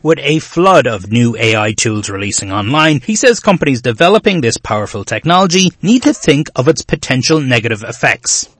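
An Irish man reporting as a TV news correspondent, narrating his story in a lively, expressive way. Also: medium pitch, brisk, few pauses, no echo.

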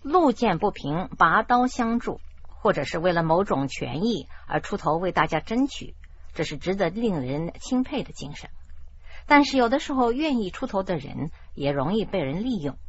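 A woman hosting a radio language lesson who explains idioms in a measured, explanatory way. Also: lowish voice, big pitch swings, slight background noise. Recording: dull lo-fi radio broadcast.

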